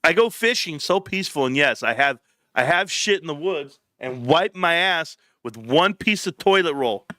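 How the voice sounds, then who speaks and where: A man's voice: a little high, lively intonation, moderate pace, no room sound, clean studio sound. A man hosting a live stream in casual chat, rambling, joking and swearing a lot. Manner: profane, rambling, joking, laughs loudly.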